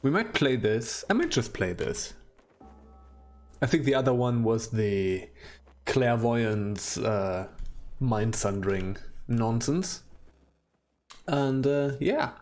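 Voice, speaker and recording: A man's voice: mid-range voice, animated, slow pace, long pauses, darkish tone. A man hosting a let's play, thinking aloud in a casual, unsure way and muttering to himself.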